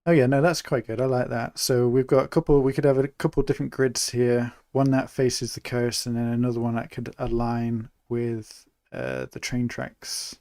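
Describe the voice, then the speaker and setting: Chatty and laid-back, this young man from England thinks aloud while building a city on a live stream. His voice is middling in pitch with a gravelly, fried texture, and he talks at normal speed with few pauses. The audio is close and dry, with no sense of a room.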